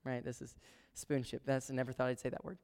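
A man giving a preaching talk to students as a campus ministry speaker, telling stories with sudden swings between hushed and loud. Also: mid-range voice, completely flat delivery, fast talker. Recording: long reverb of a large hall.

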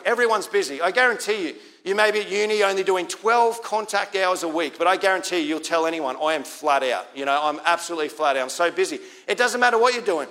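A man's voice: high-pitched, fairly bright tone. A man with an Australian accent preaching a sermon as pastor, in a conversational way, repeating key lines for emphasis.

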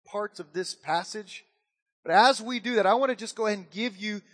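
High-voiced pastor preaching in a reverberant hall. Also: male voice. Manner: animated storytelling with acted-out quotes. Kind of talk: sermon.

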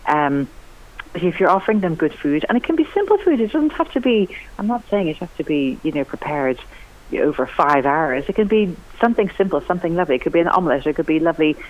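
Low-voiced and fast, this woman is a guest on a radio interview, an enthusiastic cookery writer and TV cook chatting about cooking. Her voice rises sharply for emphasis, and the audio is dull and lo-fi, like an old broadcast.

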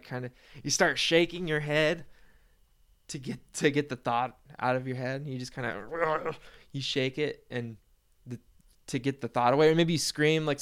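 A man's voice: mid-range voice, clear, resonant tone. A man telling a long, rambling story in a casual monologue, swearing freely and laughing at himself. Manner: rambling, profane, self-deprecating storytelling with laughs.

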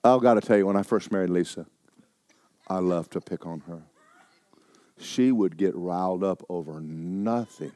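An older man, preaching a sermon in a church. He moves between loud, urgent preaching and quiet, joking asides. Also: sits low, normal speed, pauses often, no room sound. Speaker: pastor. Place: church sanctuary.

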